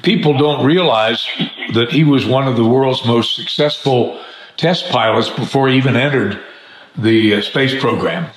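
A man hosting a podcast interview, telling an anecdote and a joke with lively energy and easy laughter. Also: mid-range voice, a little slow, echoey room, poor audio. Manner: animated joke-teller, laughs easily. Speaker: podcast host. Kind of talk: conversational interview with storytelling.

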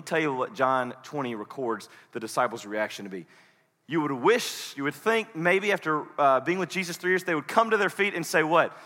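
Male pastor, animated storyteller, tenor range, reverberant hall. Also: a little high, a little fast. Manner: animated storyteller, switching between voices. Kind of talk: sermon with dramatic retelling.

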